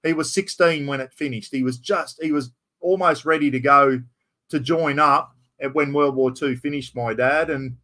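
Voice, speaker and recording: A man's voice: mid-range voice, steady tone, moderate pace, bright, forceful tone. A middle-aged Australian man in casual chat, rambling and saying "mate" constantly.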